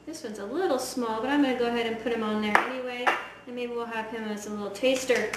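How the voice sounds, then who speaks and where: A woman's voice: a little high, fairly even intonation, fast. A woman giving a chatty, enthusiastic cooking demonstration in a home kitchen. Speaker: home cook. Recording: echoey kitchen, voice from far off, loud frying noise.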